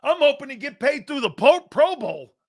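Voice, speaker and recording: A middle-aged man hosting a live sports talk show, reading chat messages aloud, laughing often and arguing back loudly. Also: extremely high pitch, normal speed. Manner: loud, excitable, laughs often, argues with chat.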